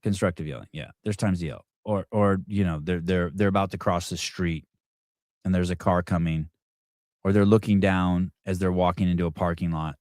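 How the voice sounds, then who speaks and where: A middle-aged man with a fairly low voice hosts a casual morning talk show. He rambles and often restarts his sentences. The sound is dry and close, with no room around it. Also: steady tone, moderate pace, dry recording. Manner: rambling, restarts often, shouts quoted yells. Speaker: podcast host.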